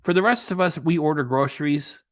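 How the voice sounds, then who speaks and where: A man's voice: fairly high pitch, fairly quick, no echo, clean studio sound. A man hosting a reaction channel, giving sarcastic, rambling casual commentary.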